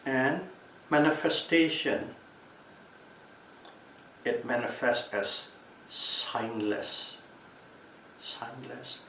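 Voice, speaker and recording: A male meditation teacher giving a calm Buddhist Dhamma talk at a retreat, repeating and restating key terms as he explains them. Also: fairly low pitch. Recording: echoey room, mic at a distance, faint background noise.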